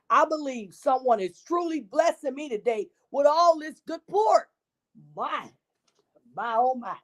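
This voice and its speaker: A woman reading a children's bedtime story in an expressive, animated way. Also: sits high, unhurried.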